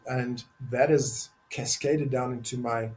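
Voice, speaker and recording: A man's voice: medium pitch, fairly even intonation, takes it slowly, low-quality recording. An older man speaking as a podcast guest, earnest and emphatic, repeating key words for stress in candid conversation. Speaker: podcast guest, men's advocate.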